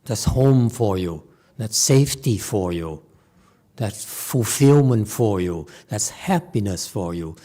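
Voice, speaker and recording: A man with a lowish, dark-toned, expressive voice gives a relaxed Dharma talk on a Buddhist sutra before a live audience in a temple hall. As the master lecturing, he frequently stops to ask "okay?" or "hmm?", stumbles into restarts, and adds dry humor along the way.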